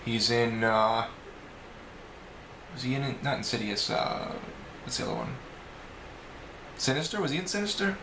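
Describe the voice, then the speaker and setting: A man's voice: medium pitch, big pitch swings, unhurried, pauses often, roomy sound, background noise. A man with a New York accent answering a list of questions in a casual, rambling video blog, often correcting himself. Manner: rambling, self-correcting, chatty. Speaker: video blogger. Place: home room.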